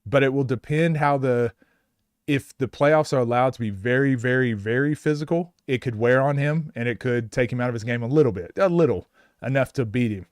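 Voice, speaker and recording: A man's voice: mid-range voice, fairly quick, dry recording, studio quality. A man from Oklahoma chatting casually on a live stream, answering viewers' questions, laughing often and acting out quotes. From Oklahoma, USA.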